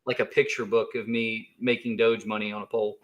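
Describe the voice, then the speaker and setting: A man's voice: on the low side, little pitch movement, fairly quick, lo-fi sound. A man co-hosting a livestream, chatting casually in a joking, rambling way with many restarts. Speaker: co-host of a crypto livestream.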